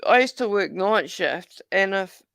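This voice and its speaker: A man from New talks in a blunt, casual way and swears freely. His voice is full of deep vocal fry and sounds gravelly throughout. The recording is dry and close to the mic. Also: expressive, unhurried, fairly bright tone, no echo. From New Zealand. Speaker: panel guest. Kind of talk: casual chat.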